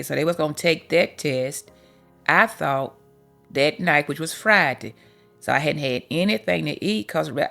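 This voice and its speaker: In a deep, creaky voice, a female podcast host and life coach shares a personal testimony, candid and heartfelt, peppered with homespun sayings and moments of emotion.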